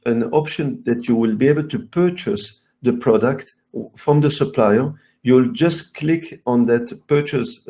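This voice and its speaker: A man's voice: mid-range voice, warm tone. A man with a Belgian accent, speaking as the guest expert on a webinar, earnest and repetitive with many fillers. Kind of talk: webinar talk.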